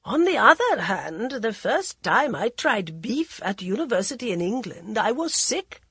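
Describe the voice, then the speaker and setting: A woman's voice: a little high, big pitch swings, measured pace, fairly bright tone, slightly rough, dry recording, pitched above the performer's own voice, full character voice. A woman voicing a mocking, aloof young prince who speaks in a cool, condescending way.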